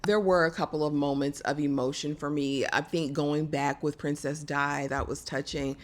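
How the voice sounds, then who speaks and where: A woman's voice: sits low, fairly even intonation, normal speed. A middle-aged woman, chatting emphatically through a casual TV episode recap. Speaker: vlogger.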